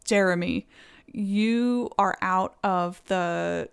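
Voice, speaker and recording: A woman's voice: mid-range voice, very slow, gravelly, smooth. A young woman from East Tennessee with a Southern accent, chatting casually with viewers on a live stream and thanking them. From East Tennessee, USA.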